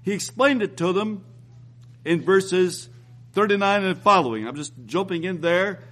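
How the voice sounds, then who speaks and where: A man with a notably high voice delivers a sermon, reading old scripture aloud between his own remarks. He hammers his points with repeated phrases, climbing higher and slowing down on the key lines. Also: expressive, a bit bright. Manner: reads scripture aloud, rises and slows for emphasis. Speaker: preacher.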